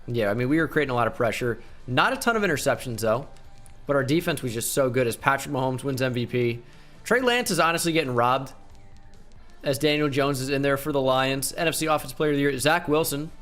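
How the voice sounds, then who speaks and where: A gaming channel host gives casual commentary over his own gameplay, rattling off stats quickly with joking asides and getting excited when his team pulls ahead. His voice is medium-pitched, and soft music plays faintly underneath.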